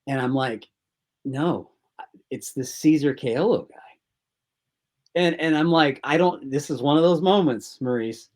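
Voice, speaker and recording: A man's voice: on the high side, measured pace, long pauses, a little mellow. A film director as an interview guest, telling rambling casual anecdotes and acting out his own quoted thoughts.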